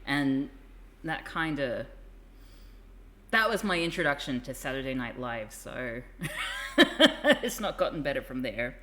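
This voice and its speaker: A woman's voice: extremely low pitch, big pitch swings, slow, long pauses, pushed and bright. A woman streamer chatting casually and rambling with asides. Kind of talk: casual live-stream chat.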